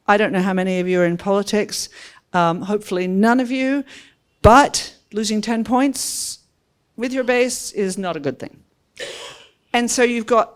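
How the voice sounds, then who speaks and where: A woman giving a policy talk to an audience in a lecture room, animated and conversational, often checking in with "right?". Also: on the low side. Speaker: guest speaker.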